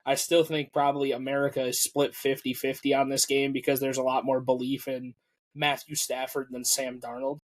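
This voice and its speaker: A man's voice: mid-range voice, flat delivery, moderate pace. A man co-hosting a casual sports podcast who makes his case in a plain, assertive way. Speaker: podcast co-host.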